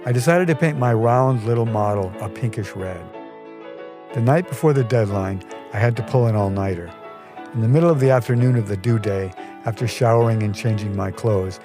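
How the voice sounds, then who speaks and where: A man narrating a scripted personal story in a measured, wry way. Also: on the low side. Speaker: storyteller podcast host.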